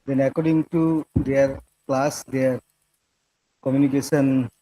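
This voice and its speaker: A man, a workshop participant answering in a hesitant, halting way. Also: mid-range voice, flat delivery, dark tone, no room sound, poor audio. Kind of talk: hesitant audience reply.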